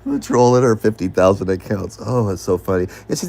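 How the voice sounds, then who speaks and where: A man's voice: fairly low pitch, big pitch swings, a little fast, few pauses, a little mellow. A man in casual rambling commentary, laughing and accusatory as he goes over an online feud.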